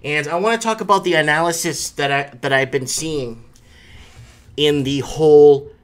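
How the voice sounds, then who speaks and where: A man's voice: on the high side, moderate pace, clear, resonant tone. A man hosting a live stream, talking casually and rambling, with frequent restarts and fillers.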